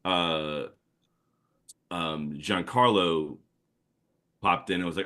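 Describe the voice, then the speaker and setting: With a deep voice, a slightly slow delivery, and long pauses, a comic artist from around New Orleans, Louisiana spins lively, laugh-filled stories as a guest on a laid-back podcast.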